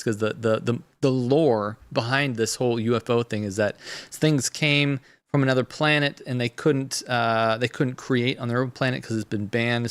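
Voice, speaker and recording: A man hosting a live stream, talking fast and rambling with many restarts as he comments on a clip. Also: mid-range voice, fairly bright tone, dry recording. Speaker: host.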